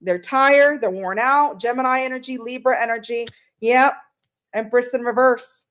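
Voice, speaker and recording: Woman, middle-aged, tarot reader, live stream, chatty, greets viewers by name, somewhat high voice. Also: steady tone, moderate pace, fairly bright tone, a little hiss or hum.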